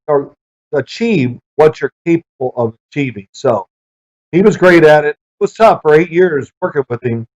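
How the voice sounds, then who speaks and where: A middle-aged man, a former football player, answering interview questions with lively anecdotes. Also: on the high side. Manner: lively storyteller who acts out quoted people. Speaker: interview guest, former pro quarterback. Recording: dull lo-fi sound.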